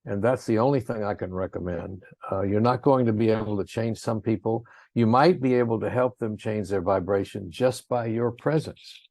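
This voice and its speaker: A man's voice: on the low side, moderate pace, hardly any pauses, darkish tone, no echo. A man giving an earnest, rambling spiritual talk, who acts out quotes in raised voices. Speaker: speaker in a spiritual talk series.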